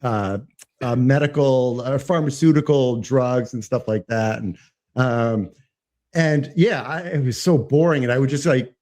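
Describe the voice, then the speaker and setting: A man's voice: medium pitch, unhurried, a little mellow. A man co-hosting a podcast in casual chat, telling stories in a rambling way with lots of fillers and frequent laughter. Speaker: podcast co-host.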